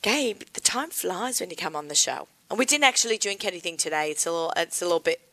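An Australian woman hosts a casual podcast chat. She talks in a bright, clear tone and jumps in often with eager, quick reactions. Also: on the low side, lively intonation, low-quality recording. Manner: chatty, enthusiastic, quick reactions. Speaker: podcast host.

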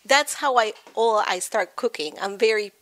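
Argentine woman, animated guest cook. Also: normal speed. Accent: Argentine Spanish. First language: Spanish. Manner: animated, laughs often, lively pitch jumps. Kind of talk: casual chat.

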